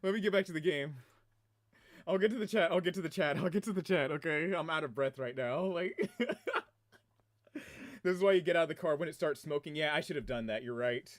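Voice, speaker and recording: A man chatting casually on his game livestream from a room at home, excitable and rambling, often breaking into laughter. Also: fairly high pitch, brisk. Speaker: game streamer.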